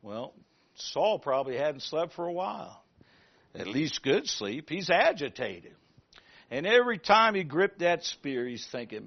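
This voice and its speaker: A man preaching a sermon, retelling a story in an animated way and asking the congregation questions. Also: fairly high pitch, measured pace. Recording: muffled lo-fi recording.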